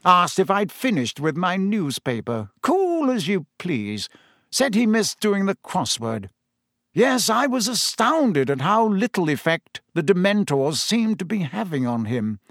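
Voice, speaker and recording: A man's voice: high-pitched, very animated, measured pace, a bit bright, no room sound, studio quality, pitched above the performer's own voice, full character voice. A man doing a pompous, shaken government minister. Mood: troubled. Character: pompous middle-aged male minister, self-important but shaken.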